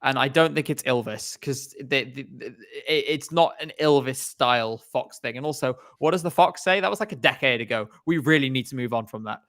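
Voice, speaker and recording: A man's voice: mid-range voice, brisk, hardly any pauses, fairly bright tone. A man co-hosting a casual podcast chat over a video call, rambling and hesitant with many fillers. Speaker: co-host.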